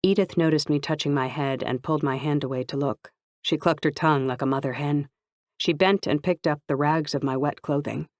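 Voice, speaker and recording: An audiobook narrator reads a first-person novel in a steady, even storytelling manner. The voice sits at a middle pitch. The recording is dry and close. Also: fairly quick, dry recording.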